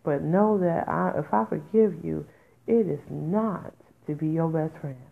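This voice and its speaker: A woman's voice: low-pitched, a little slow, gravelly. A woman hosting a podcast, talking candidly and emotionally, with raw, emphatic outbursts in informal speech. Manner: informal, speaks in dialect. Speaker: podcast host. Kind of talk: emotional personal monologue. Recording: tinny phone-like audio.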